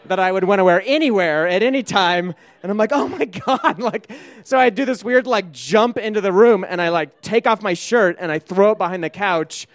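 Animated middle-aged man telling a story. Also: sits high, smooth, no room sound. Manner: casual, animated, laughing often, peppered with "like". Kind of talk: live storytelling to an audience.

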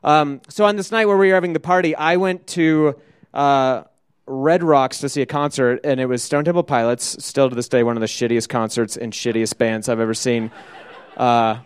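A middle-aged man telling a long personal story to a live audience in a casual, animated way, full of "like" and frequent laughter. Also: medium pitch, clear, resonant tone, dry recording, clean studio sound.

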